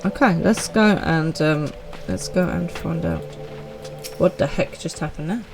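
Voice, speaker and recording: A woman's voice: low voice, unhurried, vocal fry, music in the background. A woman, chatting upbeat with viewers while streaming a game live.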